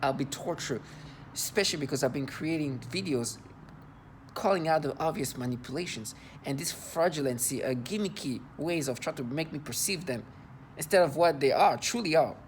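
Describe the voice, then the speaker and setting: A little hiss or hum runs under a slightly high-pitched adult man's voice. He's a vlogger venting to camera, indignant and disgusted, his delivery halting as he repeats and restarts words.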